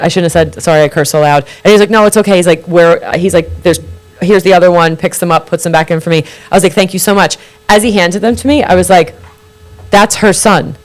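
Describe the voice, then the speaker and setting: A woman who reads tarot, a guest on a live studio talk show, telling anecdotes in a lively way, acting out quoted dialogue and swearing freely. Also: on the low side. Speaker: tarot card reader, guest.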